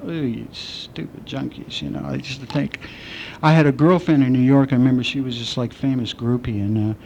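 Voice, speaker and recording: A middle-aged man speaking at a recovery meeting, telling his own story with candid, self-mocking dark humor. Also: medium pitch, steady tone, a little fast, lo-fi sound, slight background noise. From southwestern United States. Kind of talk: personal recovery talk.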